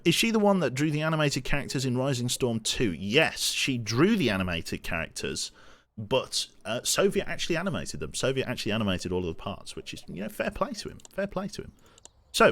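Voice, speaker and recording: Lively chatty man gaming. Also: lowish voice. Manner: chatty, reads chat aloud, swears casually. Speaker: streamer. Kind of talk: casual gameplay commentary.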